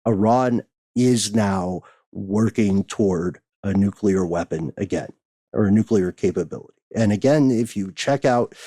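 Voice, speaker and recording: A man's voice: lowish voice, warm tone, no echo, clean studio sound. An American man co-hosting a podcast, reading listener mail in casual banter with wry asides. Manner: chatty, wry, thinks aloud with asides.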